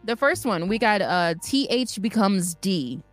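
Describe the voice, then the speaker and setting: A woman's voice: medium pitch, animated, unhurried, faint music behind. A young woman with a Chicago accent, co-hosting a live talk show in a playful, laughing, emphatic way. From Chicago, USA. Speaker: co-host. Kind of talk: casual chat.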